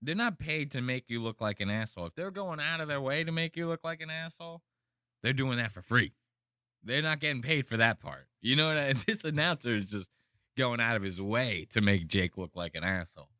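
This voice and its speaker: Man, podcast host, bright forceful voice, dry close sound, profane, animated. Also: brisk, clear, resonant tone, dry recording. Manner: animated, profane, mimics people in high voices. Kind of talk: casual podcast commentary.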